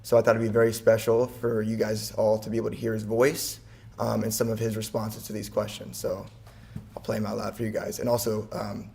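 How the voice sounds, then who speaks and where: A young man, a grandson, giving a plain and gentle funeral speech with a few hesitations. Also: fairly low pitch, completely flat delivery, a little fast, vocal fry.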